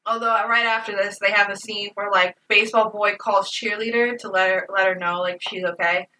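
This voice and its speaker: A woman co-hosting a casual podcast, recapping a movie in an animated, emotional way and swearing freely. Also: mid-range voice, fairly quick, recorded from a distance, low-quality recording. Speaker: podcast co-host.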